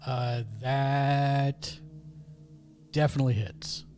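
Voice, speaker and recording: A man's voice: mid-range voice, flat delivery, slow pace, darkish tone, faint music behind. A man running a tabletop game as game master, narrating the action steadily with small fillers.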